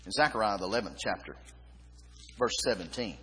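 Male preacher, emphatic sermon, very lively pitch, reverberant hall. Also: fairly quick, breathy edge. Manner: emphatic, dropping to a hush and rising again.

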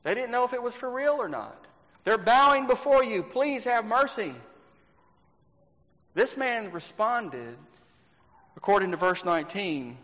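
High-voiced preacher in a reverberant hall. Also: male voice, sing-song, a bit bright. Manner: emphatic, slows down and repeats words for stress, asks rhetorical questions. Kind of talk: sermon. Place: church sanctuary. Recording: dull lo-fi recording with long hall reverb.

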